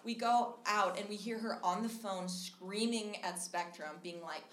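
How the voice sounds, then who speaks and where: A woman's voice: mid-range voice, fairly even intonation, moderate pace, hardly any pauses. A young woman telling a personal story at a live storytelling show, chatty, full of "like" and restarts, acting out the quotes. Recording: echoey room with faint noise.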